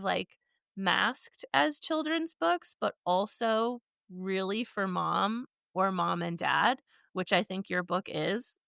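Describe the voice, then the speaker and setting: A woman hosting a podcast interview, effusive and enthusiastic, with quick bursts of speech. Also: mid-range voice, gravelly, pushed and bright, clear, resonant tone, no echo, clean studio sound. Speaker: podcast host. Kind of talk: conversational interview.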